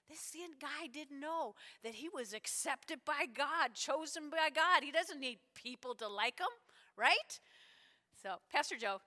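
A woman's voice: sits high, bright, forceful tone. A woman preaching a sermon, telling a story and acting out the voices of the people in it. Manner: storytelling, acts out quoted voices, emphatic. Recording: long reverb of a large hall.

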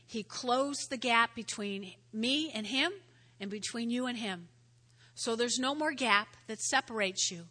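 A woman pastor giving a sermon and altar call, earnest, often repeating her words and turning soft and prayerful. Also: a little high, a little slow.

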